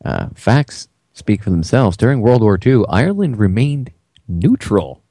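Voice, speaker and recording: A man's voice: on the low side, sing-song, unhurried, dark tone, no echo, clean studio sound. A man hosting a radio talk show, chatting casually about politics with blunt, wry asides.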